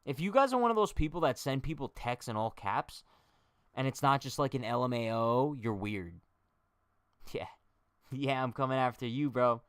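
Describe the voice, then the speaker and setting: A man's voice: mid-range voice, lively intonation, normal speed, fairly bright tone, clear, resonant tone, no echo, studio quality. Chatty young man streaming baseball talk. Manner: chatty, jokey, talks to chat directly. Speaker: livestream baseball host. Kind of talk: casual livestream chat.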